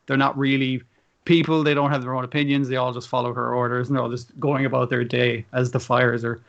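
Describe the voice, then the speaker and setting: A man's voice: mid-range voice, level tone, brisk, creaky, muffled recording, close to an everyday voice. A man voicing a callous, scheming female monster villain while retelling a story, in an offhand, dismissive way.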